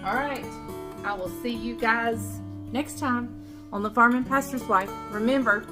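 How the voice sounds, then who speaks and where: A woman's voice: on the high side, a little slow, over music. A woman with a Southern US accent hosting a casual home cooking vlog from her kitchen, chatty and folksy, laughing often. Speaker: cooking channel host.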